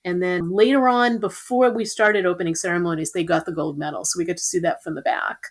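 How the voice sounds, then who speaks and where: A middle-aged woman, a podcast guest telling rambling, animated stories in casual conversation. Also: on the low side, brisk. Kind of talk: casual storytelling.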